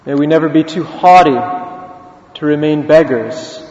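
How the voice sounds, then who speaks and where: A man preaching a sermon in a church, his fairly high voice telling a story in a loose, conversational way. The sound is dull and muffled. Long reverb rolls through the large, echoing hall. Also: moderate pace, darkish tone.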